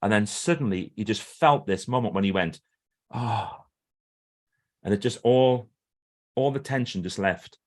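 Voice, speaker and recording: Low-voiced man telling lively stories. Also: measured pace, pauses often. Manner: animated storyteller who acts out quoted speech. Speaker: guest author and trainer. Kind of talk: storytelling in a podcast interview.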